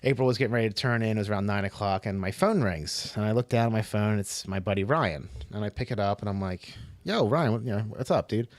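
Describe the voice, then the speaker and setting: A man in his thirties co-hosts a podcast, telling a rambling story in casual chat and swearing freely. He talks fast in a lowish voice, and the recording is dry, with studio quality.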